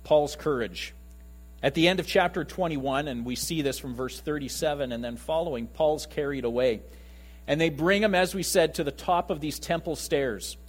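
A man preaches in a loose, conversational way, often acting out voices as he speaks. His voice sits a bit high for a man. A faint mains hum runs beneath the recording. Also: moderate pace, slightly rough. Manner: conversational, animated preaching with acted quotes. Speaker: pastor. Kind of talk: sermon.

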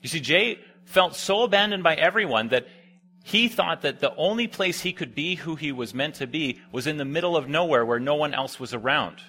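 A young man giving a sermon, telling a camp story in a conversational way and dropping quiet when he quotes people. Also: fairly high pitch, expressive, moderate pace. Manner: conversational, drops to quiet near-whispers for quoted lines. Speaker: preacher.

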